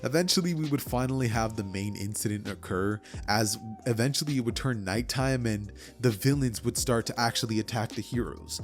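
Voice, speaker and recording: A man's voice: medium pitch, fairly quick, hardly any pauses, faint music behind. Casual male fan storyteller. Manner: casual, chatty, with asides to viewers.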